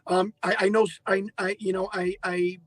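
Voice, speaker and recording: A man telling an excitable story as an interview guest, stumbling over restarts and acting out his phone calls. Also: high voice, moderate pace, no room sound, poor audio. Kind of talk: animated storytelling in a podcast interview.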